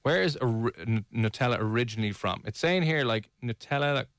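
A man's voice: medium pitch, lively intonation, brisk, a bit bright, clean tone, dry recording, studio quality. An Irish man co-hosting a radio show, joking and teasing in playful banter. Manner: teasing, puts on silly voices. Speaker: radio co-host.

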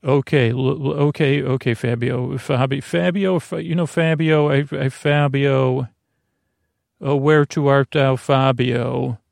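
A man's voice: medium pitch, flat delivery, unhurried, gravelly, a little mellow, no echo, studio quality. A man voicing a sleepy, pampered young woman prisoner who rambles and fusses. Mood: dreamy. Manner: dreamy, fussy, rambling.

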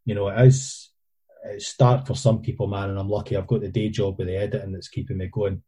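Scottish male filmmaker, low, husky and very mellow, rambling and self-deprecating. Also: flat delivery, a little fast. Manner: rambling, self-deprecating storyteller with many fillers. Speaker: independent filmmaker and editor. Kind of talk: casual podcast chat.

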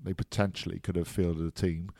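A man co-hosting a sports podcast, chatting casually with jokey banter and relaxed rugby analysis. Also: low-pitched, brisk, gravelly, no echo, studio quality. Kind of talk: casual chat.

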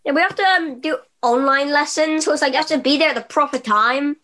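A woman co-hosting a podcast, hesitant in casual chat and making deadpan quips. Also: high-pitched, a little fast. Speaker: podcast co-host.

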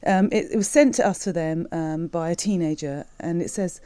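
A woman's voice: fairly low pitch, normal speed, mellow, clean tone, dry recording. A woman speaking on a radio show, impassioned and close to tears, her voice breaking as she argues. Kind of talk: emotional talk radio discussion. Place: radio studio.

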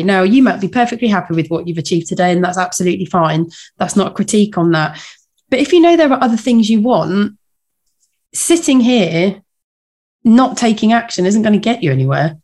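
A woman's voice: medium pitch, animated, brisk, darkish tone. Earnest encouraging woman podcaster. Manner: earnest, encouraging, repeats phrases for emphasis. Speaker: podcast co-host. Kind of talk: casual coaching chat.

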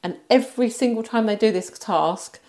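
A woman's voice: a little high, normal speed, a little mellow. A tired British woman co-hosting a casual film podcast, wry and chatty, laughing through her anecdotes. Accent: British English. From United Kingdom. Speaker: podcast co-host. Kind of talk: casual chat.

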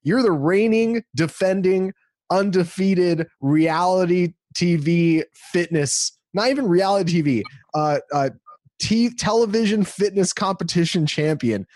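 A man's voice: sits high, a little slow, a little mellow, no room sound. Emphatic man on a dry mic. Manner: emphatic, indignant, stumbling restarts. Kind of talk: casual podcast chat.

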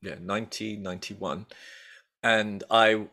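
A man's voice: fairly low pitch, steady tone, takes it slowly, pushed and bright. A middle-aged man talking as a guest in a casual interview, rambling and hesitant with many restarts and fillers. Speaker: guest, baker and food writer.

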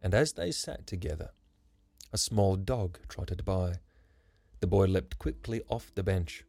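A man narrating a rhyming story for his podcast, with a gentle, measured delivery. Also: low voice, lively intonation, creaky, husky. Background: soft music.

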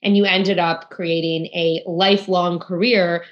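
A woman hosting an interview, speaking quickly and affirming her guest, often restarting her sentences. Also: on the low side, level tone, dull audio. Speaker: interviewer host. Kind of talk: conversational interview.

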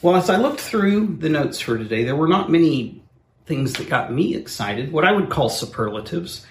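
A man co-hosting a talk show, joking in a dry, deadpan way. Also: on the high side, normal speed, echoey room, a little hiss or hum. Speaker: co-host. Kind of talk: casual banter.

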